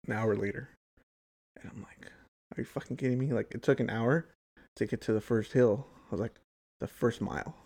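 Young man, mid-pitched voice, casual storytelling, rambling, swears a lot, filler-heavy. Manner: profane, rambling, heavy use of "like" and "dude".

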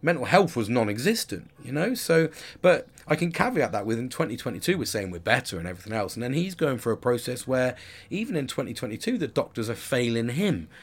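A man's voice: mid-range voice, big pitch swings, a little fast, breathy edge. A man in his forties talking candidly in a rambling personal monologue, with frequent restarts and casual swearing. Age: 40s.

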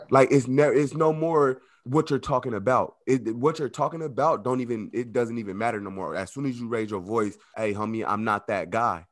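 A man, formerly incarcerated, talking casually in an interview. His speech is loose and conversational, full of "like" and "you know", and he slips into lively acted-out quotes. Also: medium pitch, no echo, clean studio sound.

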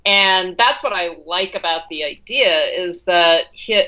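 A woman's voice: on the low side, unhurried, pushed and bright. A woman co-hosting a casual film podcast, talking things through with many restarts. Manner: thoughtful, talks in restarts. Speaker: podcast co-host. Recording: dull lo-fi sound.

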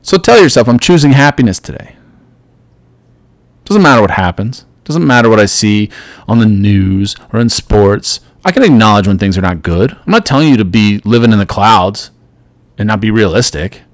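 A man's voice: lowish voice, lively intonation, moderate pace, dry recording. Earnest man giving a motivational podcast pep talk. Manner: earnest motivational, swings loud and soft. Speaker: podcast host. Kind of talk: solo podcast monologue.

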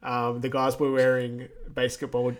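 A man with a mid-range voice walks through a film's plot for a podcast at an easy pace. He fills the gaps with "um" and "yeah" and readily agrees with his co-host. Now and then he slips into a brief, higher quoted line. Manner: relaxed, full of fillers, quick agreeing "yeah"s. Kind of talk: casual movie recap chat.

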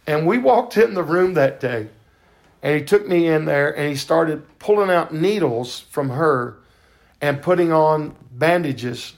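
An older man tells a faith testimony on his podcast, fervent and preacher-like, leaning on drawn-out words. His voice sits a little high and has a gravelly edge. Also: lively intonation. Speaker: podcast host.

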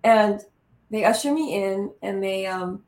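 A woman telling a lively anecdote in an interview, acting out the lines of the people in it. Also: medium pitch, a little slow. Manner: lively anecdote teller, acts out quotes. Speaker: guest. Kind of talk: animated storytelling in conversation. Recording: roomy echo.

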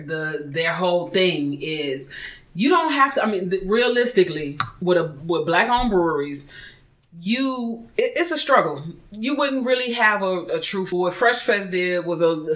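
A podcast speaker in casual chat, telling stories in an animated way, joking and laughing between points. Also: mid-range voice, normal speed, low-quality recording. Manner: animated, joking storyteller who laughs while talking. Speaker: podcast participant.

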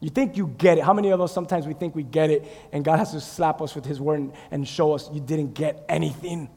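A male pastor preaching a sermon with animated storytelling, putting questions to the congregation. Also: a little high, quick pace, vocal fry, long reverb tail.

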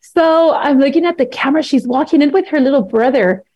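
A woman in her thirties with a high-pitched, slightly fast voice, appearing as a podcast guest. She tells a story in casual chat, animatedly acting out what people said and laughing often.

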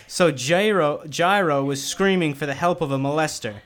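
A man co-hosting a casual comedy podcast, reading a story aloud in deadpan style with wry asides. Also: fairly high pitch, moderate pace.

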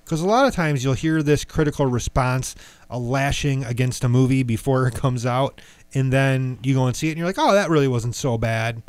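A man's voice: mid-range voice, fairly quick, a little mellow, clean tone, dry recording. A man co-hosting a casual podcast, telling stories with a laid-back, laughing manner. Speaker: podcast co-host. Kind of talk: casual group chat.

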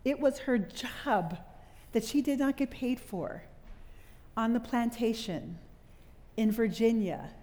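Speaking slowly and pausing often, a middle-aged woman with a slightly high voice tells a story during a sermon before a live crowd. She delivers it with animation and puts questions to the listeners, all in a hall with long reverb.

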